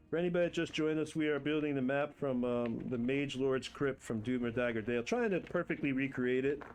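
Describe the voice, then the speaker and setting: A man's voice: mid-range voice, darkish tone. A man streaming live, chatting playfully to himself and to viewers as he builds game terrain, boasting in fun. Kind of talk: casual live-stream chat while building. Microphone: desk mic with headphones.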